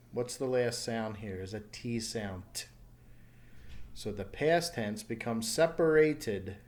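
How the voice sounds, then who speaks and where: A man teaching English pronunciation in a recorded online lesson, slowly repeating each word clearly and patiently. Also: mid-range voice. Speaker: ESL teacher.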